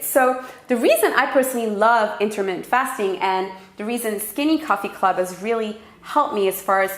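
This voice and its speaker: A woman's voice: on the high side, fairly bright tone, echoey room. A woman with a French accent, chatting candidly to camera in a casual vlog. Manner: chatty and candid, quick asides. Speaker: vlogger.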